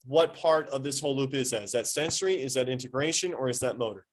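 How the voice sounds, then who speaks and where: A man teaching an anatomy class, quizzing students with quick questions and playful sports analogies. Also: medium pitch. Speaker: high school anatomy teacher.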